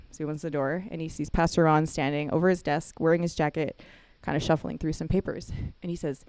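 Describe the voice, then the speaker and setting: A woman's voice: sits low, clear, resonant tone, no echo. A woman in her thirties speaking at a chapel service, telling a family story and acting out the quoted voices. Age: 30s. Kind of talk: storytelling sermon.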